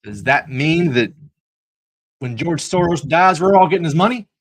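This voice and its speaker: A man's voice: a little high, expressive, moderate pace, poor audio. A man hosting a livestreamed Bible study podcast, talking in an earnest, preacherly way with jokey asides. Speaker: podcast host.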